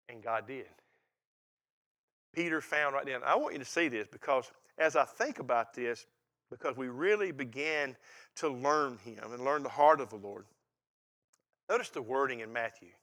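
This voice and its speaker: Older male preacher, folksy and emphatic, bright tone, a touch high. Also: moderate pace. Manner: folksy and emphatic, swings from quiet to loud and laughing. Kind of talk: sermon.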